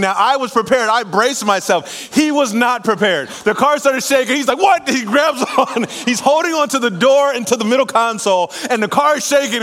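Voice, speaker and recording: A man preaching a sermon in church, telling a lively personal story with laughter before calling the congregation to respond. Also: extremely high pitch. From California. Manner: animated storytelling, laughing at himself, then preaching and calling for amens. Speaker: pastor. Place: church sanctuary.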